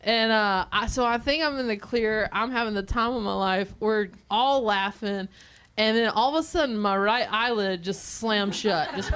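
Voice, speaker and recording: A woman telling a funny personal story, animated and often breaking into laughter. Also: medium pitch, measured pace, a crowd in the background. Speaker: comedian. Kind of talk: comedic storytelling.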